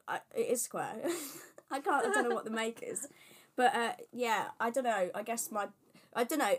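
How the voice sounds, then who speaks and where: A woman's voice: fairly low pitch, fairly bright tone. A woman co-hosting a podcast in casual chat, talking in a chatty way with lots of fillers and blunt opinions. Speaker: podcast co-host.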